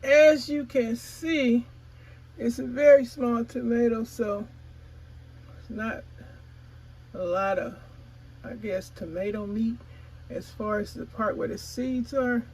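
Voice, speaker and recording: Eine Frau, die in lockerem Plauderton für ihren Gartenkanal vlogt, ihre Zuschauer direkt anspricht und manchmal beim Kauen redet. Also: female voice, on the high side, a little mellow, slight background noise, poor audio. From California. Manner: chatty, addresses viewers as y'all; talks while chewing. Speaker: gardening vlogger. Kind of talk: casual vlog chat.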